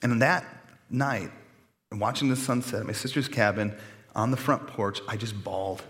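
Male pastor, 30s, heartfelt conversational sermon, mid-pitched voice, reverberant sanctuary. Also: expressive, normal speed, fairly bright tone. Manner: earnest, conversational with emotional swells. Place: church sanctuary. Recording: long church reverb.

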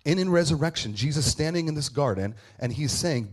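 A man preaching an Easter sermon in a conversational, storytelling way, with laughs and quick asides. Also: fairly high pitch, animated. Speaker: pastor.

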